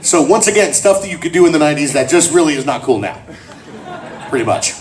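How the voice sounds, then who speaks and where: A man's voice: a little high, fast talker, recorded from a distance, slight background noise. A man telling jokes and stories to a convention crowd at a panel. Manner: joking, animated storyteller. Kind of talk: comedic panel talk to a crowd.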